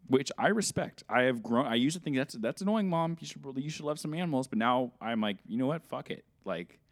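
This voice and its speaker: Male podcast co-host, mid-pitched, loose rambling chat, dry sound. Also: expressive, brisk, no echo. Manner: rambling, swears freely, acts out quoted voices. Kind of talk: casual chat.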